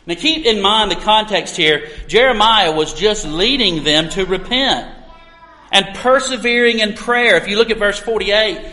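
High bright-voiced preacher in echoey hall. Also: male voice, animated. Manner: earnest preaching with storytelling and emphatic pauses. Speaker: pastor. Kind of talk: sermon. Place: church sanctuary. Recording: echoey hall with long reverb.

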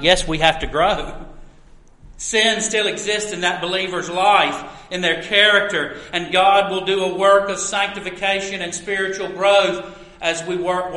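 A pastor preaching a sermon, with earnest, emphatic delivery and drawn-out stresses, in a church sanctuary. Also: male voice, high voice, bright, forceful tone. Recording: echoey room.

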